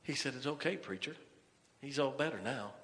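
A man's voice: mid-range voice, moderate pace, fairly bright tone, long reverb tail. A male pastor preaching a sermon, telling a story and then urging the congregation. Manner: storytelling preacher, rises to emphatic exhortation. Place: church sanctuary.

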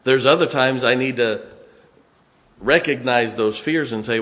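A man preaching a sermon in a church, emphatic, swinging from loud to hushed. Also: medium pitch, unhurried.

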